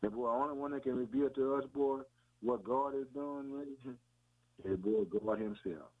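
Through tinny, telephone-style radio audio, a man of medium pitch and moderate pace gives a homespun sermon. He repeats himself often and keeps calling his audience "man" and "boy."

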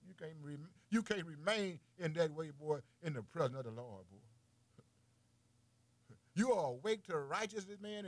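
High-voiced preacher man, dry sound. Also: vocal fry, no room sound. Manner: calls listener man, boy and baby constantly; laughs between phrases, swings from loud to soft. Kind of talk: informal preaching.

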